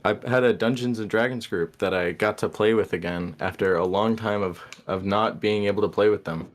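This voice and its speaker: A man with a lowish voice calling in to a live show. He talks in a relaxed, hesitant way, trailing off as he goes. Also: fairly quick. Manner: mumbly, laid-back, hesitant. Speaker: caller.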